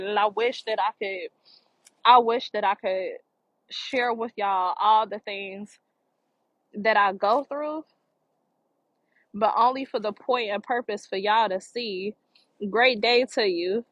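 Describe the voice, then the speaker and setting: A woman with a fairly high voice gives an earnest spiritual pep talk outdoors near the water. She repeats her key phrases for emphasis, and her voice comes across dry and close. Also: fairly bright tone, dry recording, highs cut off. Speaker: motivational vlogger.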